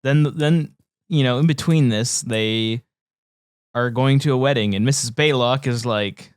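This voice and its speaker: A man co-hosting a podcast in casual chat, relaxed as he retells scenes. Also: mid-range voice, measured pace, smooth, dry recording, studio quality. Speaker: podcast co-host. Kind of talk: casual chat about a horror film.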